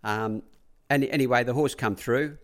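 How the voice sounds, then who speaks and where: A mid-range male voice at a moderate pace belongs to a middle-aged Australian former track rider. Chatting casually in an interview, he rambles through anecdotes, imitates what people told him, and repeats "I said" a lot.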